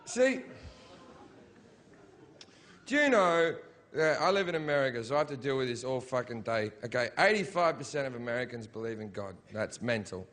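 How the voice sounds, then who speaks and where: A man's voice: medium pitch, expressive, moderate pace, long pauses, fairly bright tone. A man doing a live stand-up routine on stage, ranting in a profane, sarcastic way. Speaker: stand-up comedian. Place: live stage show in Britain.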